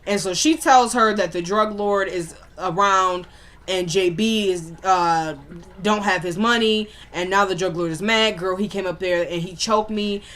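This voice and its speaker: A woman in a casual recap, talking loosely and slangily. She runs through scene after scene and switches between characters' lines in quick back-and-forth. Her voice sits at an ordinary middle pitch for a woman. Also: fairly bright tone. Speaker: TV episode recapper.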